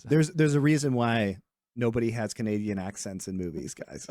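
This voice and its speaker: A man's voice: medium pitch, animated, moderate pace, darkish tone, dry recording, studio quality. A man co-hosting a casual podcast chat, opinionated, laughing often and restarting his sentences. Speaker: podcast co-host.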